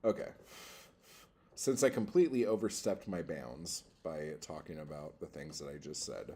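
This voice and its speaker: A man with a very low, husky voice chats on a casual livestream, reading comments aloud. He rambles and swears freely, getting worked up with little push. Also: animated, normal speed, warm tone. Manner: profane, easily worked up, rambling. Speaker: livestream host reading chat.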